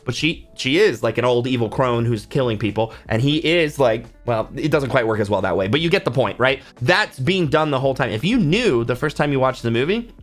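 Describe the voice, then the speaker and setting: A male book channel host talking casually to camera in a mid-pitched voice. He gets animated, acting out reactions with gasps and sudden whispers. Faint music sits underneath. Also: a little fast, few pauses. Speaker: book YouTuber and author. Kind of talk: casual talk to camera about films.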